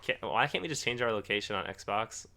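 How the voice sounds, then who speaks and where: Male podcast co-host, low-ish and bright, rambling, giggly delivery. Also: animated, a little fast, vocal fry. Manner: rambling, laughs through his sentences. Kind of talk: casual podcast chat.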